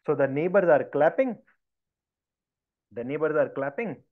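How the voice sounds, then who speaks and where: A man with a voice on the high side teaches a devotional lesson through storytelling at a measured pace. He's animated, acting out the villagers' voices, and the audio comes through a dull, lo-fi video call.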